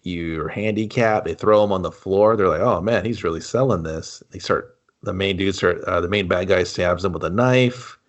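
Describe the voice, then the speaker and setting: A man's voice: low-pitched, moderate pace, hardly any pauses. A man co-hosting a casual movie review chat, laid-back, retelling scenes with acted-out lines. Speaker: podcast co-host.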